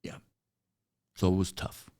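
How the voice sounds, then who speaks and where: An older man, a native Chinese speaker who grew up in China, telling stories as a guest in a casual interview. He talks in a halting way, with many "uh" fillers. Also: mellow. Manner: halting, anecdotal, frequent "uh" fillers.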